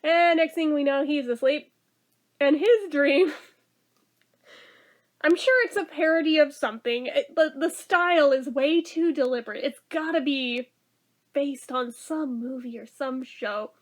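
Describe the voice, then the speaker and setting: A woman with a high voice talks at an unhurried pace as she gives a casual spoken review of a TV episode. She's chatty, laughs often, and drops "like" into almost every sentence.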